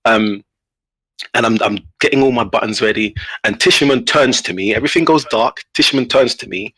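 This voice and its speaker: A man telling a story in a casual podcast chat, animated, with many restarts. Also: mid-range voice, a little fast, husky, low-quality recording. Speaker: guest player.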